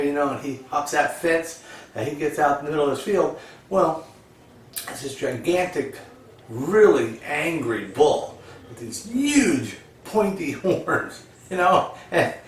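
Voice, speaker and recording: Folksy male joke-teller, lively ups and downs, far from mic in a very echoey room. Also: a little high. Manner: rambling, folksy, lots of "you know". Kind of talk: casual storytelling of jokes. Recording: echoey, distant, faint crowd and noise.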